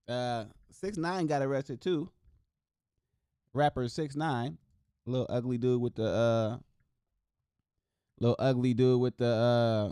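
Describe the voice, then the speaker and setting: A man from Wisconsin hosting a casual solo show, reacting to scores and news in a loose, excitable, slangy way and talking straight to his viewers. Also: mid-range voice, clear, resonant tone, dry recording, studio quality. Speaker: host.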